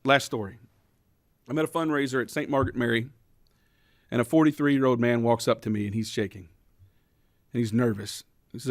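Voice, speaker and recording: Impassioned legislator testifying. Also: male voice, mid-range voice, steady tone, normal speed, long pauses, no room sound, clean studio sound. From Kentucky. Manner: impassioned storytelling, building to emphatic rhetorical questions. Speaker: state representative, bill sponsor.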